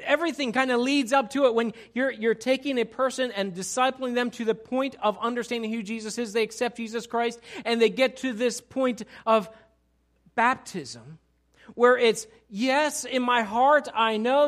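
A man preaching a sermon as pastor, animated, moving from quiet asides to loud excited outbursts. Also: extremely high pitch.

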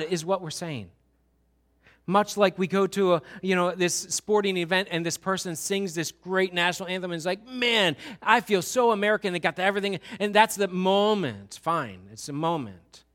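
Animated preacher with a bright voice. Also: male voice, high-pitched. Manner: animated, acts out voices of churchgoers. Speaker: pastor. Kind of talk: sermon.

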